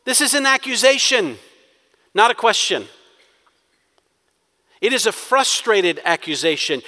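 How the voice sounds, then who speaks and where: A man's voice: high-pitched, big pitch swings, measured pace, long pauses, bright, forceful tone, in a large hall. A man preaching a sermon, acting out quoted prayers with rising intensity. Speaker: pastor.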